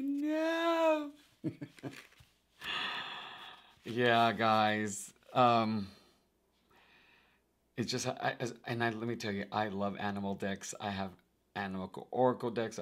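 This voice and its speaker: A man's voice: on the low side, fairly bright tone. A man hosting his own tarot vlog, chatting animatedly to viewers, laughing often and calling them "guys". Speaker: tarot video host. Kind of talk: casual vlog talk to viewers.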